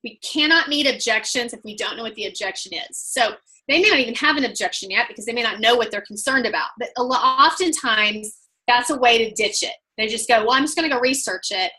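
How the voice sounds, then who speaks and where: An upbeat woman with an Oklahoma accent, leading a group coaching talk. Her voice rings bright and sits a little high, and she talks emphatically and with energy. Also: brisk, low-quality recording. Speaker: sales trainer.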